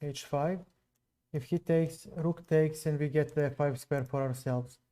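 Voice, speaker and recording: Slow, mellow-voiced chess streamer. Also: male voice, on the high side, steady tone. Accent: non-native English. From Serbia. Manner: slow, musing, chats with viewers between moves. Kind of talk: live stream commentary while playing.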